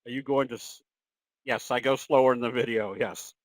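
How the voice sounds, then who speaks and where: A man's voice: medium pitch, normal speed, dry recording, rough recording. Folksy man giving a trading webinar. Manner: folksy, conversational, with frequent fillers and self-corrections. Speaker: trading educator presenting a webinar. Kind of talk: webinar presentation with Q&A.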